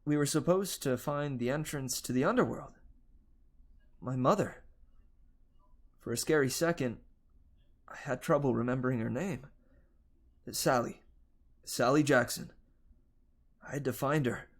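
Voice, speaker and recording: A man reading a novel aloud on a livestream, telling the first-person story in a steady, unhurried way. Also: mid-range voice. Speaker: livestream reader.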